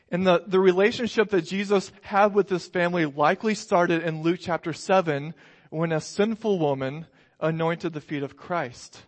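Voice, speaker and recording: A young man gives a sermon with an easygoing, conversational delivery, slipping gentle humor into his stories. His voice sits a little higher than most men's. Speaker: pastor.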